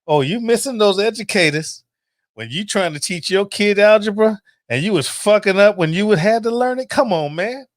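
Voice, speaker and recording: A man's voice: high voice, moderate pace, dry recording, studio quality. A middle-aged man, host of a cooking channel, ranting casually and profanely to camera. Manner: profane, animated, preachy.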